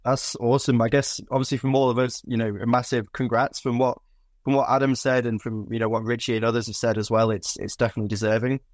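A man's voice: mid-range voice, little pitch movement, fast, no echo, studio quality. A man hosting a podcast, chatting casually and offering friendly congratulations. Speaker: podcast host. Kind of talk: casual interview chat.

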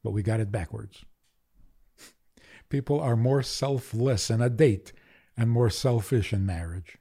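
Mellow-voiced older man telling wry stories. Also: medium pitch, measured pace, breathy edge. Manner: wry, animated storyteller with deadpan humor. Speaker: rabbi, guest. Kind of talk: interview conversation.

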